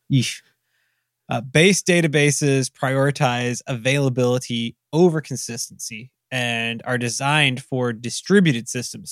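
A man's voice: medium pitch, fairly bright tone, no room sound. Chatty Southern man, dry close sound. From American South. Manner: self-deprecating, rambling asides. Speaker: podcast co-host. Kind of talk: casual technical discussion.

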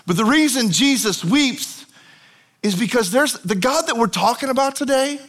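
A man preaching a sermon, telling a Bible story in a conversational, animated way. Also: extremely high pitch, normal speed. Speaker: pastor.

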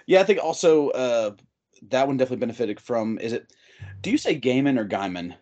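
A man's voice: mid-range voice, lively intonation, fast talker, a little mellow, highs cut off. A man hosting a casual interview, rambling and restarting his sentences. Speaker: podcast host.

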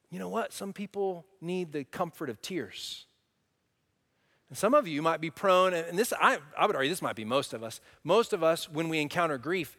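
A male pastor preaching conversationally, often restarting phrases, swinging between loud emphasis and quiet, soft moments. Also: a little high, in a large hall. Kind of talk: sermon.

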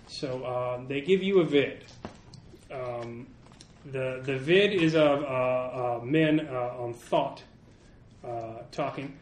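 A man narrating as game master, talking in a halting way with many fillers. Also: medium pitch. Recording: echoey room with faint hiss.

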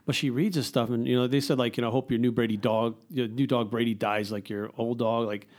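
Fast-talking profane man telling stories. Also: mid-range voice, fairly even intonation, a little mellow. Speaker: podcast guest, fitness coach. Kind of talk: casual interview chat.

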